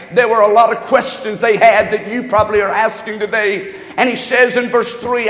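A man preaching a sermon as pastor, reading scripture and calling on the congregation, with slowed, shouted emphasis on key words. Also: very high voice. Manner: calls to the congregation for amens and note-taking. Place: church sanctuary. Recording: echoey hall, long reverb.

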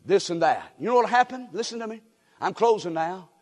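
A man preaching a revival sermon, folksy and direct with the congregation, dropping to quiet asides and rising to shouted exhortation. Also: sits high, expressive, brisk. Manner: folksy, addresses crowd directly. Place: church sanctuary. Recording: long hall reverb.

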